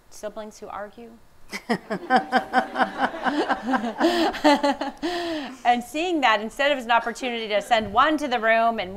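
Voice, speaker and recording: A woman's voice: on the low side, slight background noise, low-quality recording. A woman speaker and empathy researcher giving a conference talk, telling anecdotes with frequent laughter and quoted dialogue. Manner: warm anecdotal, laughs often, quoting others. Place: conference room.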